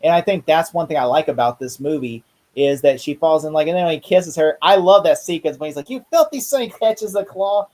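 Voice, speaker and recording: A man in casual chat about a horror movie, talking excitedly and acting out lines in voices. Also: a little high, fast, few pauses. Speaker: co-host discussing a horror movie.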